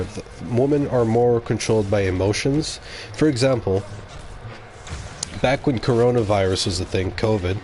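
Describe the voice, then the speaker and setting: A man's voice: fairly low pitch, darkish tone, slight background noise. A man streaming a game and talking casually to his audience, rambling and opinionated and often correcting himself mid-sentence. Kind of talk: casual livestream monologue.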